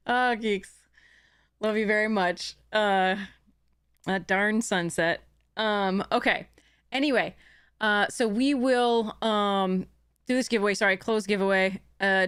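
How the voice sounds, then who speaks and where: A woman's voice: mid-range voice, slow, fairly bright tone, smooth. A woman streamer chatting casually to her live audience, rambling with many fillers and restarts. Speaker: game streamer.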